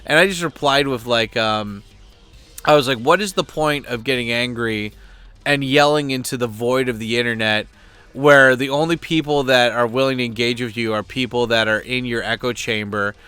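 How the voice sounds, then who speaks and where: Rambling, blunt man venting, bright voice. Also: mid-range voice, normal speed, clean tone, no echo. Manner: rambling, many fillers and restarts; crude, blunt. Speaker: host. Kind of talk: casual venting monologue.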